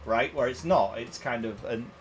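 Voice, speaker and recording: A man's voice: mid-range voice, moderate pace, poor audio. A man rambling through a giggly story while streaming a game. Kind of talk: casual banter. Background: game music.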